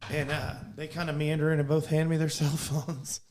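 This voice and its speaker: A middle-aged man, a podcast co-host, telling a family story in casual chat, animated and often laughing. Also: a little high, moderate pace, slight background noise.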